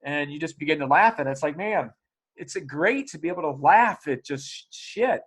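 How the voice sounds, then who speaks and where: Animated, swearing man hosting a podcast. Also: fairly high pitch, moderate pace, breathy edge. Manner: animated storyteller, acts out dialogue in raised voices, swears freely. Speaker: podcast host. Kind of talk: casual podcast conversation.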